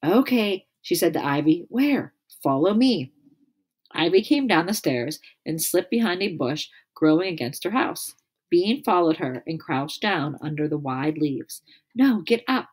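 Storybook reader, woman, low-pitched, reads aloud with asides. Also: lively intonation, normal speed, husky. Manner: laughs and adds comments between passages. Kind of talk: reading a children's book aloud.

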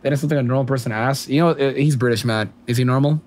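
A man's voice: medium pitch, racing, darkish tone. A man streaming a game and chatting with viewers, slangy and profane and laughing often. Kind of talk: casual livestream chat with viewers.

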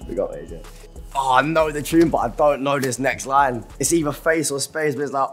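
A man's voice: lowish voice, fairly quick, soft background music. A young man, chatting casually while playing a lyrics game, laughing often and apologizing. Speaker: musician guest.

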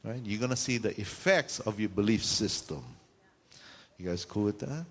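Pastor with lilt, echoing hall. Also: male voice, fairly low pitch, moderate pace, slightly rough. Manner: lively storytelling with call-and-response. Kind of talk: sermon. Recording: reverberant hall sound.

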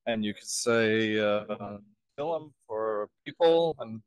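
A man's voice: fairly low pitch, measured pace, clean tone, no echo. A man being interviewed, answering in short, hesitant phrases.

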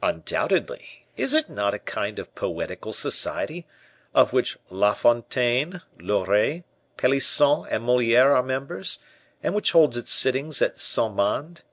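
A man's voice: medium pitch, big pitch swings, measured pace, a bit bright, no room sound, pitched above the performer's own voice. A man voicing a shrewd, witty musketeer who speaks in a wry, inquiring way.

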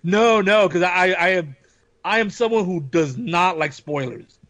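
A man with a high voice talks in a loose, animated podcast chat, laughing easily and jumping into playful voices for quotes. The recording is close and dry, with little room sound. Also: unhurried, no room sound. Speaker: podcast guest. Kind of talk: casual chat.

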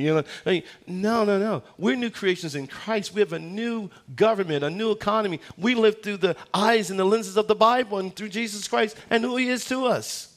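High-pitched man preaching with dramatic pauses. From United States. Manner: animated storytelling, acts out voices in anecdotes; preaching with dramatic slowdowns on key phrases. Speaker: guest pastor. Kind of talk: sermon.

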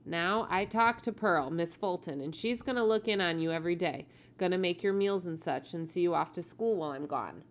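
A woman voicing a firm, hurried working father in a read-aloud storybook, speaking a bit louder. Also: lowish voice, lightly acted.

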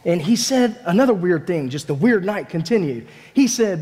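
A man, a families minister, preaching a sermon as a lively first-person story told in the voice of a disciple, with casual, dramatic phrasing. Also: high-pitched, moderate pace. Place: church sanctuary. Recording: echoey church hall.

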